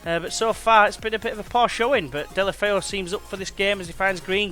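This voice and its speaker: A man's voice: high-pitched, a little fast, few pauses, sharp tone, faint music behind. A young man chatting and calling the action while playing a football management game. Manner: chatty, slangy, commentates play-by-play. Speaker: let's play gamer. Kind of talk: casual gameplay commentary.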